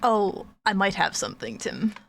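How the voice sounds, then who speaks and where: A woman's voice: medium pitch, sing-song, normal speed, creaky, a bit bright, slight background noise. Woman player, casual, chatty, trails off. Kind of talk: casual chat.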